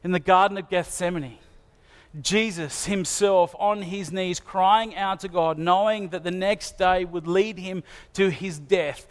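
A man's voice: high voice, fairly even intonation, unhurried. A man preaching a sermon in an earnest manner, asking his listeners searching questions. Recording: long hall reverb.

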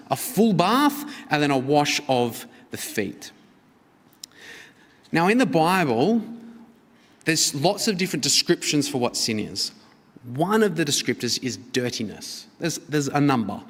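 A man preaching a sermon as a pastor, in an earnest, expressive manner that swings between emphatic and hushed. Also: medium pitch. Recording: reverberant hall.

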